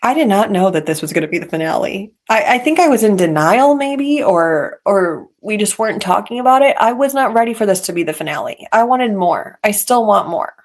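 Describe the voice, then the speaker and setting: A woman talks straight into a podcast mic in casual gossip-show style. Her voice sits at a middle pitch. She is opinionated and chatty and slips in petty asides. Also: lively intonation, fairly quick, hardly any pauses. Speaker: podcast host. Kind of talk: casual reality-TV gossip commentary.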